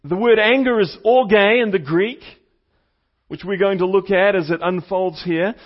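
A man with a high voice preaches a teaching sermon. He repeats his main points and puts questions to the congregation. The recording sounds slightly dull and lo-fi. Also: unhurried. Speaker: pastor.

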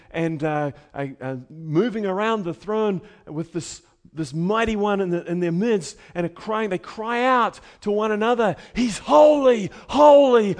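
Man, preacher, sermon, slightly higher voice, rhetorical questions, swings from hushed to shouting. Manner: dynamic, swings from quiet to shouted emphasis; conversational asides with rhetorical questions.

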